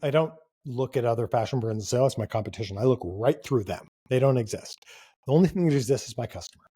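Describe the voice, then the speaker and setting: A man's voice: medium pitch, lively intonation, quick pace, mellow, slightly rough. A middle-aged man, a company founder, speaking as a guest in a conversational interview, telling stories with energy and emphasis.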